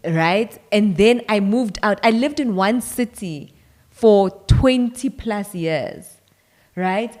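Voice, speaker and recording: A South African woman in her thirties co-hosting a casual chat, lively and quick to laugh, often talking straight to viewers. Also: medium pitch. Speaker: co-host.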